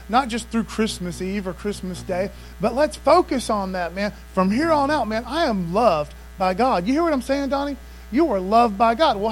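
A man's voice: very high voice, rough recording. A man preaching a sermon, emphatic and casual, often checking in with "amen" and "man.". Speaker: pastor.

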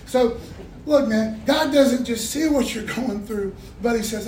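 A man's voice: very high-pitched, unhurried, darkish tone. A male pastor preaching a sermon in a folksy call-and-response style, with casual asides to the congregation. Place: church. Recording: echoey room, faint room noise.

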